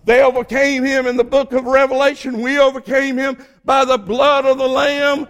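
A man's voice: very high voice, flat delivery, normal speed, fairly bright tone. A man with a Southern accent preaching a sermon as a pastor, folksy and fervent, stretching out words at his emphatic peaks. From Southern United States.

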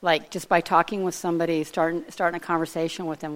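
A woman with a low voice preaches in an easy, conversational way. She wanders off on asides and thinks out loud as she retells the story. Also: little pitch movement, fast. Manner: conversational and digressive, speculating aloud. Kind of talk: informal sermon.

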